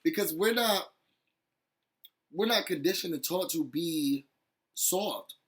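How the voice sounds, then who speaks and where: A man talks to his viewers in a loose, heartfelt recap of a reality show episode. His voice sits high and bright, and he keeps laughing and pressing his points with feeling. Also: takes it slowly. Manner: animated, laughing often, talking straight to viewers. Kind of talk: emotional casual recap chat.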